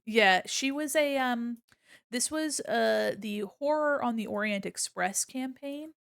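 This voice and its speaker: A woman's voice: a little high, measured pace, gravelly, smooth, faint music behind. A young woman streaming as she draws, chatting casually in a playful manner, laughing often and swearing freely. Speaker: streamer and illustrator. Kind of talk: casual chat while drawing on stream.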